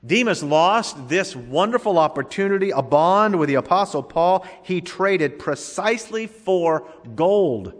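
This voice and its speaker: A man preaching a sermon, swinging between loud emphasis and quiet, drawn-out phrases, with rhetorical questions. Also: mid-range voice. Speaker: pastor. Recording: hall reverb.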